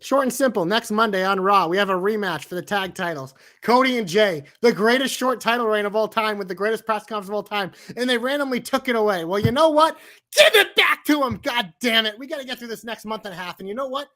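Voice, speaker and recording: A man's voice: sits high, quick pace, pushed and bright. A man co-hosting a casual wrestling podcast, ranting heatedly with lots of swearing. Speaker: podcast co-host.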